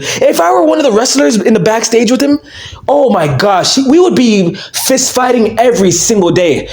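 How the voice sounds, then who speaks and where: A young man rants in casual commentary with a high, bright-edged voice. His pitch jumps wildly from line to line, and he flips between loud outbursts and low, tossed-off mumbles. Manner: loud, excitable, swings between shouting and mumbling. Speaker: channel host.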